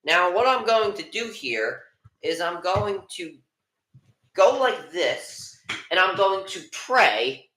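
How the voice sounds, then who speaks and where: A man giving live fan play-by-play of a baseball game, frustrated and alternating between low muttering and excited pitch calls. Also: takes it slowly, reverberant, slight background noise. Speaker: fan commentator.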